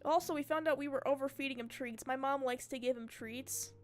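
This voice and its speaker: A young woman streamer telling a story in casual chat, animated and swearing freely. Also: high-pitched, a little fast, faint music behind. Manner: chatty and animated, swears freely, mimics her cat's screams.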